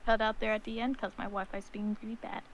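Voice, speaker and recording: A woman playing a tabletop game, chatting casually and quickly. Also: medium pitch, flat delivery, a little hiss or hum. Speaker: player.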